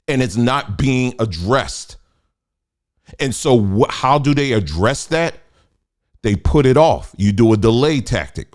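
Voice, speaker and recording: Middle-aged man, casual livestream rant, animated and preachy. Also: on the high side. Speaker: host.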